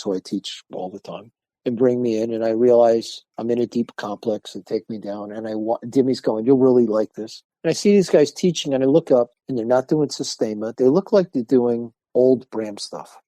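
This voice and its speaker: An older man, a martial arts instructor, telling lively stories in a podcast interview and acting out the people he quotes. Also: medium pitch, no room sound. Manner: animated storyteller acting out quoted voices.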